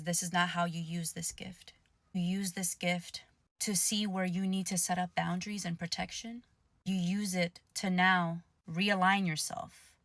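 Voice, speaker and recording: A woman giving calm, steady, instructive advice about a spiritual gift. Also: on the low side, no room sound.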